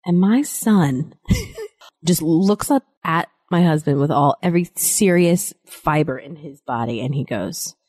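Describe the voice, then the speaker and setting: A woman in her thirties co-hosting a casual podcast, with a fairly low voice that jumps up and down a lot. She tells stories in a jokey, animated way. The recording is dry and close, with no room sound. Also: unhurried, slightly rough, dry recording. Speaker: podcast co-host. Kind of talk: casual chat.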